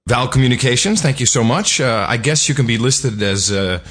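A man co-hosting a podcast in casual chat, talking in a chatty way with many filler pauses. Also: medium pitch, fairly bright tone. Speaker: podcast co-host. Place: studio.

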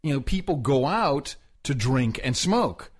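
Animated rambling man, lively pitch. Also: unhurried, slightly rough. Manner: rambling, animated, laughs often. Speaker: podcast co-host. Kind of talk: casual chat. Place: rented apartment abroad.

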